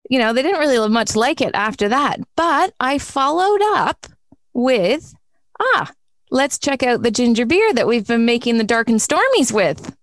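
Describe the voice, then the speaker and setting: Chatty, animated woman host. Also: on the high side, moderate pace, dry recording, studio quality. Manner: chatty, animated, laughs often. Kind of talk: casual podcast chat.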